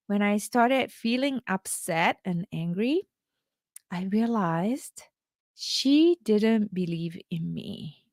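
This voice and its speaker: Slow-talking woman life coach. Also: medium pitch, dry recording, studio quality. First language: Japanese. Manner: halting, many restarts and fillers. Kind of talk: casual storytelling monologue.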